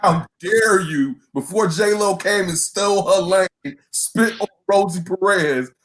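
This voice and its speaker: A man's voice: high-pitched, a little slow, fairly bright tone. A man co-hosting a sports talk show, cutting in with playful, teasing remarks and questions. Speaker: co-host. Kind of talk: casual chat.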